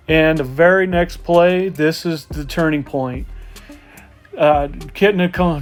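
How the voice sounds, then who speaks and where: A man telling a casual, animated story about a football game he watched from the stands. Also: a little high. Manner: excited, animated game recap with laughs. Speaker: football fan.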